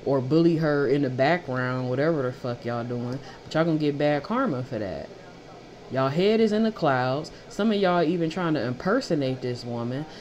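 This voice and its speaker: A woman's voice: a bass voice, animated, normal speed, a little mellow. A woman giving a casual tarot reading who talks bluntly, swears freely and repeats phrases for emphasis. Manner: blunt, profane and fired up. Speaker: tarot reader.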